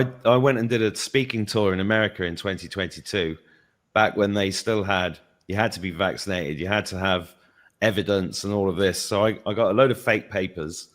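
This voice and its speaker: A man in an interview telling a lively anecdote in a casual tone, swearing freely. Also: on the low side. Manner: animated anecdote-telling, swears, laughs through the story.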